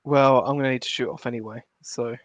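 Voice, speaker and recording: A man's voice: mid-range voice, steady tone, fast talker. A man chatting casually as a guest on a live stream, hesitant and easygoing.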